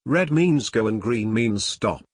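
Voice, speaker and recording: A man reads online stories aloud in a steady, matter-of-fact way. His voice sits at an ordinary middle pitch. It is recorded dry and close, with no room sound at all. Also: a little slow, husky, no room sound. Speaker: narrator.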